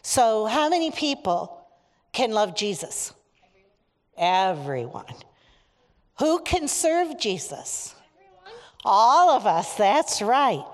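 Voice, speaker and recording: A woman leading a children's message in a church service, asking the kids questions and leading call-and-response lines. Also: mid-range voice. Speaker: children's ministry leader. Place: church sanctuary. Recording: long reverb of a church sanctuary.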